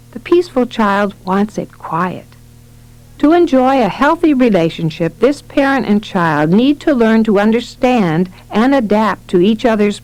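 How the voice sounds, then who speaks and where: A woman's voice: medium pitch, darkish tone, low-quality recording. Woman reading a parenting audiobook, lots of ups and downs in her voice. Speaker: audiobook narrator. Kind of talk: scripted nonfiction narration.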